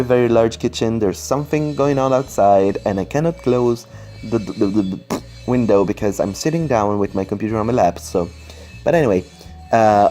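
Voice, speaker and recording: Speaking in a mellow, medium-pitched voice, this non-native English speaker narrates his Sims speedbuild casually from home, computer on his lap. His commentary rambles, full of fillers and apologies.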